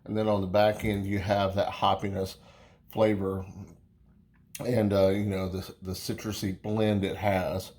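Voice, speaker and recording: A man's voice: fairly low pitch, flat delivery, unhurried, darkish tone. A man casually reviewing a beer on camera, talking in a rambling, folksy way with many fillers and restarts. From United States.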